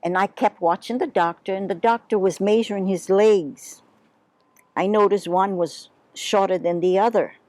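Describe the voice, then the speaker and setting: A woman, unhurried and homely as she tells stories from her life in an oral history interview. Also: mid-range voice, a little mellow, no room sound. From Hawaii. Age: 80s. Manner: unhurried, homely storyteller who spells words out. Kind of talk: reminiscing storytelling.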